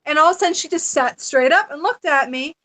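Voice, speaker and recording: A middle-aged woman appears as a podcast guest, telling a personal story in a casual chat. Her voice is high, and she talks at a quick pace, animated and chatty, laughing often.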